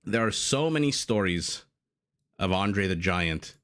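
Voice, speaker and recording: A man's voice: low-pitched, expressive, unhurried, a bit bright. A man casting a live strategy game match, chatty and prone to rambling tangents with frequent laughs. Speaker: game caster. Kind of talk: live esports commentary.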